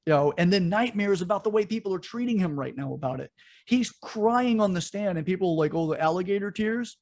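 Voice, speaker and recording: A man's voice: high-pitched, animated, fairly quick, creaky, a little mellow. A man co-hosting a podcast, ranting in a heated, profane way during casual political chat. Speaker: podcast co-host.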